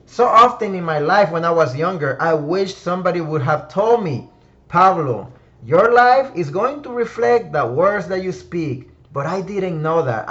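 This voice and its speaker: Speaking in a high, fairly bright voice, the host of a word-of-the-week discussion room delivers reflective, emphatic motivation and calls on listeners by name. The top end of the audio is cut off.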